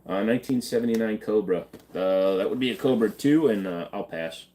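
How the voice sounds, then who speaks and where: Deep-voiced man casually answering chat. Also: brisk, dark tone. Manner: offhand, joking, reads chat aloud. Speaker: livestream host answering chat questions.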